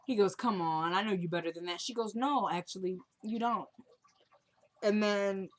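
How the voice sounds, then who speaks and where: A woman's voice: medium pitch, normal speed. A young woman casually recapping a TV drama episode, retelling scenes and quoting the characters in a chatty way.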